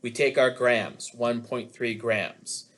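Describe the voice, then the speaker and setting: A man's voice: medium pitch, fairly even intonation, slow pace, fairly bright tone. A middle-aged man teaching a physics class online over a video call, chatty and joking with students between worked problems. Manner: chatty, jokey asides to students. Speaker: physics instructor. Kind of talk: online lecture.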